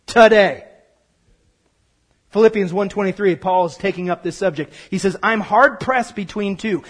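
A high-pitched man preaching a sermon. He stresses key words and repeats himself, dropping low for explanation and rising loud for declarations. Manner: emphatic, repeats words, swings from quiet to loud. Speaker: pastor.

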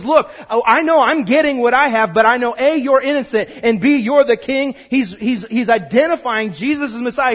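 Emphatic high-voiced preacher man. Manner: emphatic, repeats words, swings from quiet to loud. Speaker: pastor. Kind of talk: sermon.

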